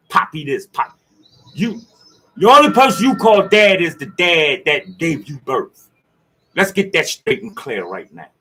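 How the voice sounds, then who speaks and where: A man with giving a rambling, preachy motivational monologue that swings from loud outbursts to low asides. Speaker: speaker giving a motivational talk.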